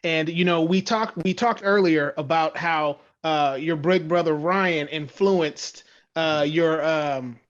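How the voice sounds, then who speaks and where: A man's voice: on the high side, slow pace, highs cut off. A man hosting a podcast interview, easygoing and chatty. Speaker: podcast host. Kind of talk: casual interview.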